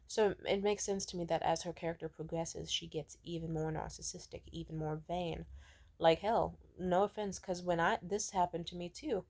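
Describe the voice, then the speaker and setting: Young woman, low-pitched, blunt, profane, casual commentary. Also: steady tone, normal speed, darkish tone. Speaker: video essayist.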